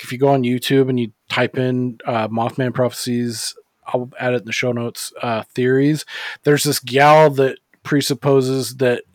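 A man's voice: medium pitch, dry recording. Rambling casual podcast guy, dry mic. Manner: rambling, filler-heavy, swears freely. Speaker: podcast co-host. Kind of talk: casual movie podcast chat.

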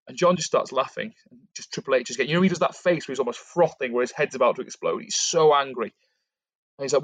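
A man's voice: medium pitch, normal speed, no room sound. A man co-hosting a podcast, retelling a storyline in casual chat and briefly acting out the lines of the people in it. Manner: animated, acts out quotes while retelling. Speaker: podcast co-host. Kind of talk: casual storytelling about a fantasy wrestling storyline.

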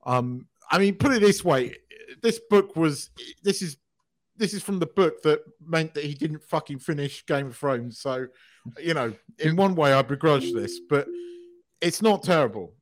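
Live podcast host, man, slightly high voice, blunt, stumbling restarts. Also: lively intonation, measured pace. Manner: stammering restarts, blunt and sweary. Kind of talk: casual chat.

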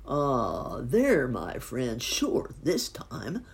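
A woman voicing a grumpy, scheming male owl in a storybook reading, with a husky, gravelly voice and slow, grumbling lines. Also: rumbling low, huge pitch swings, heavily acted.

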